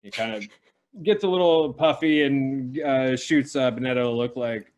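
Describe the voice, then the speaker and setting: A man running a tabletop game as game master, narrating in a relaxed way with many filler pauses. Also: mid-range voice, muffled recording.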